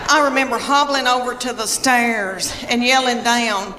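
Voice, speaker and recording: A woman's voice: on the high side, steady tone, moderate pace. A middle-aged woman with a Southern US accent doing stand-up comedy, telling chatty, folksy stories with teasing asides on stage before a live audience. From Southern United States. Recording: live hall with long reverb and audience noise.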